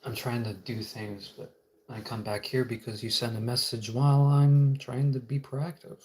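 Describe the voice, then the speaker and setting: A man's voice: medium pitch, level tone, moderate pace, a little mellow, a little hiss or hum. A man hosting a casual solo livestream from home, rambling and muttering to himself. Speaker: livestream host.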